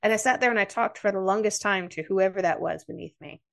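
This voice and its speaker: An American woman speaking as a podcast guest, her voice sitting in a middle range. She tells her story in an earnest, measured way, one plain sentence after another. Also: mid-range voice, creaky. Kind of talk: personal story in an interview.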